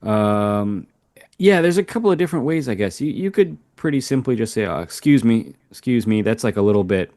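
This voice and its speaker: A man co-hosting a language lesson, explaining English usage in a relaxed, hesitant way, thinking aloud as he goes. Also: medium pitch, brisk, no echo, studio quality. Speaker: native English-speaking co-host. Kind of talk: casual conversational explanation.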